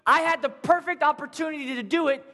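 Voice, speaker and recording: A man voicing a bold young warrior who loudly teases a king, raising his voice high. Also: quick pace, in a large hall. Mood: taunting. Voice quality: loud, teasing, high-pitched shouting.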